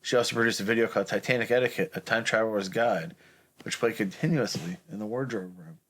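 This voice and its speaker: A man's voice: lowish voice, quick pace, a bit bright. A man co-hosting a podcast, reading out movie trivia in a casual, chatty way. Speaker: podcast co-host.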